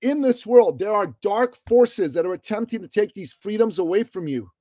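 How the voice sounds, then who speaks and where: Impassioned, emphatic man with a mellow voice. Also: high-pitched, lively intonation, normal speed, no room sound. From Iran. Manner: emphatic, preachy, rises and falls in loudness. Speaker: podcast guest. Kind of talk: impassioned interview storytelling.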